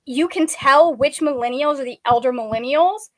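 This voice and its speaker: A woman's voice: high-pitched, moderate pace. A young woman co-hosting a reading stream, chatting casually in a bubbly, naturally cheerful way. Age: young adult. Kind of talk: casual chat.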